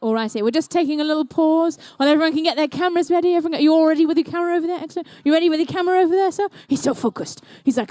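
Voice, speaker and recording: A woman's voice: sits high, very fast, hardly any pauses, mellow, no echo. A woman commentating a live indoor competition and emceeing it, with playful, jokey banter aimed at the crowd.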